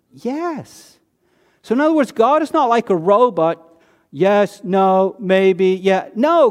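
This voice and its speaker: High-voiced preacher in a reverberant hall. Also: male voice, a little mellow. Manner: conversational preaching with rhetorical questions, dropping low on key words. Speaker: pastor. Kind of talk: sermon.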